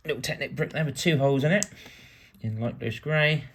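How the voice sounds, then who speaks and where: Fairly quick and fairly bright, his medium-pitched voice carries a casual build-along vlog. The British man from the UK chats while he works, tossing in wry asides, with slight background noise.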